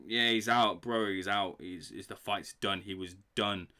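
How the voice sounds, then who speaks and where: A young man hosting a live boxing reaction stream, excitable and swearing freely while he talks to his chat. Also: on the low side, measured pace. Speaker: livestream boxing reaction host.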